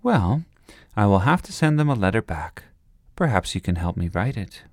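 A man voicing a gentle, polite older woman neighbor in a storybook, kindly and a little prim. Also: fairly low pitch, very animated, moderate pace, no room sound, studio quality. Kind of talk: storybook reading.

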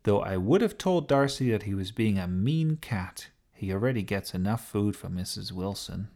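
A man voicing an excited, curious young girl in a children's story, speaking in a raised, eager voice. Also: normal speed. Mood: earnest. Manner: eager, explaining, raised pitch. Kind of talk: storybook character voice.

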